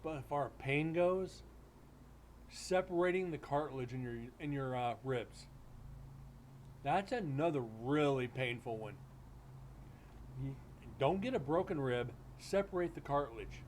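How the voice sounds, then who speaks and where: A man's voice: a little high, unhurried, long pauses, a little hiss or hum. A man hosting a livestream, telling stories in a loose, blunt, joking way. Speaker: livestream host. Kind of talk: casual storytelling chat. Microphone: streaming setup mic.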